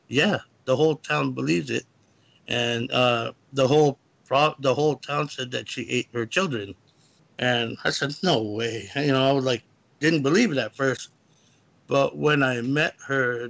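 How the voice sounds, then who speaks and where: Man, guest caller, gravelly voice, rambling, halting storytelling. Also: mid-range voice, fairly bright tone. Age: adult, lived in California. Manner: rambling, halting retelling of a personal encounter. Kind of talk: casual storytelling.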